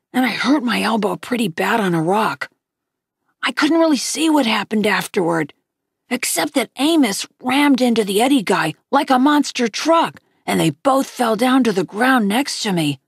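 A woman reading a novel aloud, lifting her pitch slightly for the characters' lines. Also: vocal fry, breathy edge, dry recording, studio quality. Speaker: audiobook reader.

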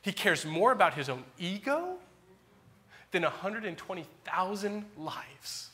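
High, bright-voiced male pastor preaching. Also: a little slow. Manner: animated, dramatic emphasis with loud peaks and quiet asides. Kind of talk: sermon. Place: church.

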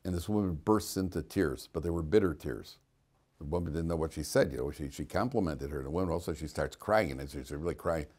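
A man's voice: rumbling low, fairly quick, darkish tone, breathy edge. A man teaching a class as a rabbi, talking informally, questioning students and cracking jokes, with frequent restarts.

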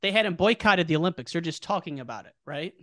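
A man's voice: on the high side, animated, fairly bright tone, no echo, clean studio sound. A man hosting a podcast, asking a guest questions in a casual, hyped-up way. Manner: hyped, cheers the guest on, quick follow-up questions. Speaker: podcast host. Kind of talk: casual interview chat.

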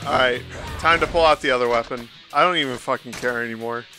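A man's voice: medium pitch, fast, pushed and bright. Frustrated, swearing gamer guy. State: sick. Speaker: gaming streamer. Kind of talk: let's play commentary. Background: game music.

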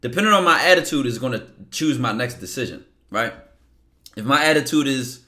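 A man's voice: mid-range voice, animated, sharp tone. Blunt, profane man. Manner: acts out inner voices in quick asides. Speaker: podcast guest. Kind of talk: casual motivational talk.

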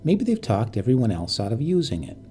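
A man voicing a proud, bossy young woman from the city, brisk and indignant in a story reading. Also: mid-range voice, wildly swooping pitch, mellow, slight background noise. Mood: musing. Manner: brisk, indignant, self-satisfied.

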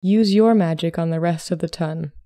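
A woman reading a matter-of-fact young gentleman. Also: on the high side, normal speed, no room sound, clean studio sound, natural voice. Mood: steady. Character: calm, plain-spoken young gentleman suitor.

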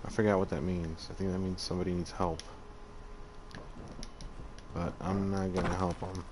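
A man with a lowish voice streams a game and chats loosely with his viewers, swearing freely and muttering to himself as he plays. Faint background ambience sits under his voice. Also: flat delivery, moderate pace, background noise. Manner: chatty, profane, talks to chat while playing. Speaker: streamer playing a game and reading chat. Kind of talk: casual live-stream chat.

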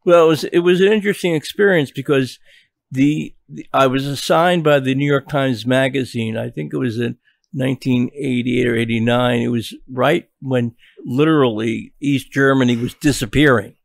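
An older man, a journalist guest on a podcast, telling a long story in a halting way with many restarts and repeated words. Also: medium pitch, creaky, dry recording, studio quality.

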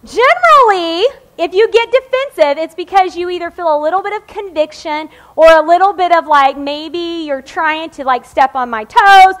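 A woman's voice: extremely high pitch, normal speed, few pauses, fairly bright tone. A woman in her forties preaching a sermon in a chatty, joking way, often checking in with the congregation. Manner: conversational and joking, checks in with "okay?".

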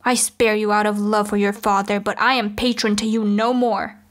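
A woman's voice: mid-range voice, level tone, moderate pace, close to an everyday voice. Woman reading as a cold, imperious goddess. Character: proud, wrathful goddess, female, ageless.

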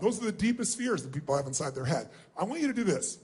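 Guy with a really high voice running a big seminar, energetic, barking instructions at the crowd in a huge hall. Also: fast, husky. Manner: energetic, commanding, calls for audience responses. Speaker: motivational speaker. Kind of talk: live seminar instructing a large audience. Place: large hall before seven thousand people.

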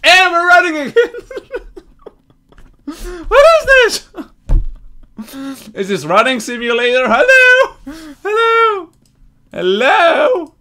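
A woman playing a video game with commentary, loud and giggly, shouting and laughing often. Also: high voice, huge pitch swings, slow pace, pauses often. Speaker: gamer.

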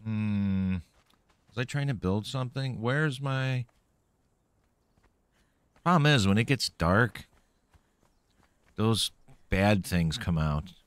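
In this let's-play clip, a slightly caffeinated man streams a video game, playfully talking to himself and taunting each enemy he runs into. His voice sits on the low side with lively intonation, and he speaks slowly with long pauses. The sound is smooth, with no echo.

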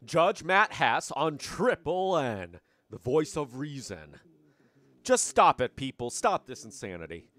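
A man's voice: a little high, big pitch swings, slow pace, fairly bright tone, heavily acted. Man putting on an indignant radio judge. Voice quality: mock mix of southern and British accent. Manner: preachy, indignant. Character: blustering male radio talk-show judge.

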